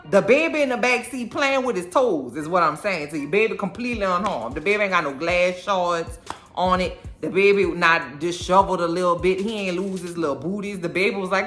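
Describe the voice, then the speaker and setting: A woman giving a casual, animated and sassy recap of a TV episode. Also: mid-range voice. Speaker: show recapper.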